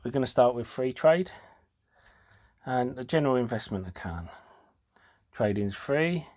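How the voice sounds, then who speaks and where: A man hosting a casual talk show, explaining things in a halting way with fillers and restarts, and sounding out of breath. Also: medium pitch, lively intonation, a little mellow. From United Kingdom. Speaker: host.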